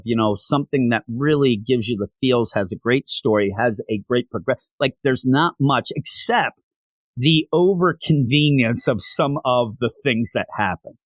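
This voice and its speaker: This podcast host, a man with a medium-pitched voice, gushes about a comic book as he recaps it, wandering off track and leaning on lots of fillers. The recording is dry.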